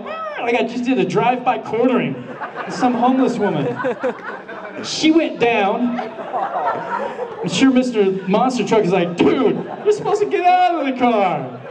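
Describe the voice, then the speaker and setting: A man with an extremely high-pitched voice tells a comic story on stage at a convention panel, dramatizing his own panic in quotes. The background is noisy, and the audio comes from a camera filming at a distance in the audience.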